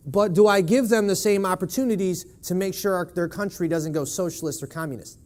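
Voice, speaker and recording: Man preaching in church, pitched high, emphatic and questioning the congregation. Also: fairly quick, a little mellow. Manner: emphatic, with rhetorical "right?" questions. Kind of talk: sermon.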